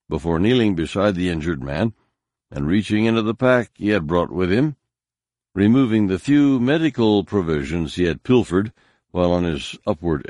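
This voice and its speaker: A man reads a novel aloud in a very deep voice, steady and deliberate. The recording is dry and close, with no room sound. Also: no room sound. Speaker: audiobook narrator. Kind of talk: scripted narration.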